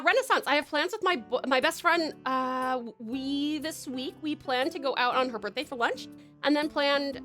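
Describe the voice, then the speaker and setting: A young woman streamer with a high-sitting, fairly bright voice chats casually while reading viewer comments on a live stream. She laughs often and uses lots of fillers.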